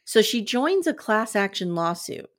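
A young adult woman co-hosting a talk podcast, recounting a story step by step in an earnest, conversational way. Her voice sits at an ordinary middle pitch, neither high nor low. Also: big pitch swings, measured pace. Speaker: podcast co-host. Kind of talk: casual recap chat.

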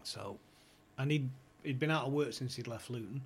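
A man's voice: medium pitch, normal speed. A man guesting on a podcast, telling club stories in a chatty way, swearing freely and acting out the people he quotes. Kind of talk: anecdotal storytelling.

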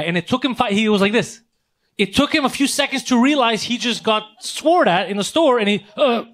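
Fast, high-voiced man telling a story. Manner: animated storyteller, swears freely. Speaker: podcast host. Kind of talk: casual comedy podcast banter.

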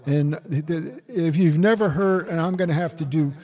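An older man reminisces at a wandering pace, breaking off and restarting his sentences. His voice sits a little high for a man. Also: normal speed, dark tone. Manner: rambling, many restarts. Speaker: podcast co-host. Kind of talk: casual chat and reminiscing.

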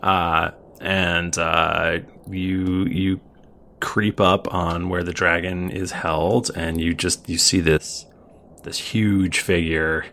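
Halting man narrating a tabletop game as game master; low, creaky voice. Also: sharp tone, a little hiss or hum. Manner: halting, searching for words.

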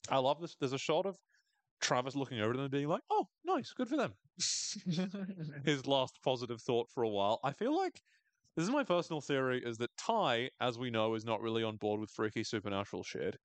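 A man's voice: medium pitch, lively intonation, dry recording. A man hosting a podcast, casually recapping a TV episode in a chatty, wry way. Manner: chatty, wry, acts out characters' lines in quick voices. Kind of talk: casual chat.

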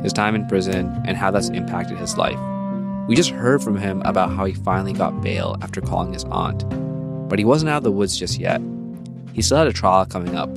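A man with a low, gravelly voice narrates a podcast in a calm, measured way. Plucked guitar music plays clearly beneath his words. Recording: music bed behind the voice.

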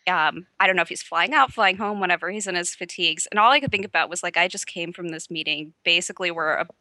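A woman co-hosting a podcast, chatting casually and telling lively self-mocking anecdotes. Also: lowish voice, fast, no room sound. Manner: animated, self-mocking storyteller. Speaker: podcast co-host.

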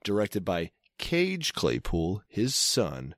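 A man on a podcast rambles in a wry, casual way, stopping and restarting his sentences. His voice sits a little low. It sounds dry and close to the mic. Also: wildly swooping pitch, slow pace, a bit bright, dry recording. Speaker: podcast co-host. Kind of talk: casual chat.

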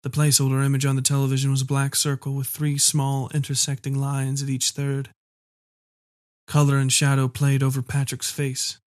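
A man narrating a first-person story in a measured, dark storytelling manner. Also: mid-range voice, monotone, no room sound, clean studio sound. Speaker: audiobook reader.

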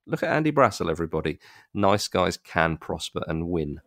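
A man's voice: deep voice, big pitch swings, moderate pace, a bit bright, no echo, clean studio sound. A man with an English accent, co-hosting a podcast with playful, teasing banter. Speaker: podcast co-host. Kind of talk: casual podcast chat.

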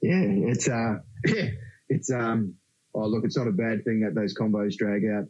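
A man's voice: fairly low pitch, moderate pace, darkish tone. An Australian man as a podcast guest, rambling easygoing chat with frequent restarts. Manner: rambling, easygoing, laughs often. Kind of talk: casual interview chat. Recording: slightly dull lo-fi sound.

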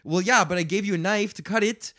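A man talking alone on his podcast, telling long rambling stories full of swearing. His voice sits a little high. The delivery is loose, animated and casual. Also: a little fast. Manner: profane, rambling, animated storytelling. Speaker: podcast host. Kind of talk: casual solo rant.

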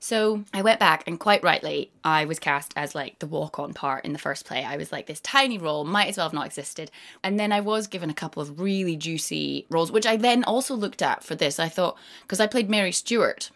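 A woman in her thirties appears as a guest actor in a relaxed interview, recounting stories with energy and dropping into quoted voices. Her voice is low-pitched and her pace slightly quick.

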